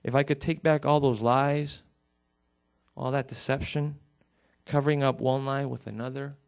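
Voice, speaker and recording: A man's voice: mid-range voice, fairly even intonation, moderate pace, gravelly, darkish tone, clean tone. A middle-aged male pastor preaching a sermon, telling a personal story and pleading earnestly with his listeners.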